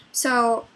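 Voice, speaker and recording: A woman's voice: pushed and bright, poor audio. A young woman who works as a trail guide, chattily retelling a trail ride with lots of quoted back-and-forth. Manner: chatty, rambling retelling with many quoted exchanges. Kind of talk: storytelling vlog.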